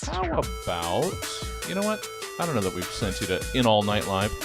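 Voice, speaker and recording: A man closes a comedy theater livestream in a loose, rambling way, full of fillers. His pitch swings wildly, and music plays clearly behind him. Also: wildly swooping pitch, moderate pace. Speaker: theater host. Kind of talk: livestream sign-off.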